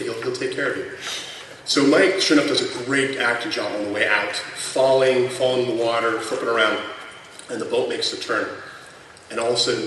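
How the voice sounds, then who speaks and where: Heard at a distance in a noisy, echoing convention hall, a man with a medium-pitched, pushed, bright voice tells stories at a tribute panel. As a former colleague sharing memories, he chats along with plenty of fillers and laughs his way through the punchlines.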